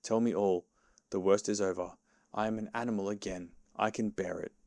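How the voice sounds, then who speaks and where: Man doing a vain excitable toad gent, gravelly, lowish voice, dry sound. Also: normal speed, no echo, close to an everyday voice. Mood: dejected. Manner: eager and self-satisfied, then anxious. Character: boastful excitable male toad gentleman.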